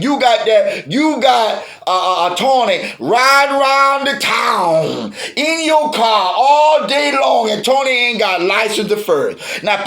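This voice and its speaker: A man's voice: sits high, fairly bright tone, echoey room. A man playing a blunt, fiery old grandfather, scolding his granddaughter in a preachy, repetitive comedic monologue. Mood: lecturing. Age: older. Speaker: grandfather giving advice.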